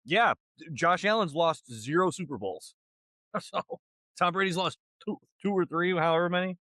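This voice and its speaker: A man's voice: sits high, normal speed, pushed and bright, no echo. A young man co-hosting a podcast, teasing his friend in easy casual banter. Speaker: podcast co-host. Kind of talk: casual chat.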